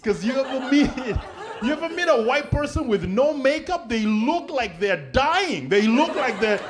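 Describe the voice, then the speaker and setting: Man from Africa, stand-up comic, high-pitched, animated, does voices. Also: moderate pace, a crowd in the background. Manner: animated, acts out voices of people he describes. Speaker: comedian. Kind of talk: stand-up comedy.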